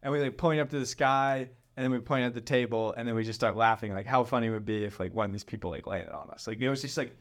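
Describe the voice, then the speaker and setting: A young man rambles through a story in casual conversation. He leans on "like" constantly and acts out what people said as he retells it. His voice sits at an ordinary mid pitch. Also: fast talker, few pauses. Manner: rambling, lots of "like", animated retelling. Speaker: storyteller guest. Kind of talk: casual chat.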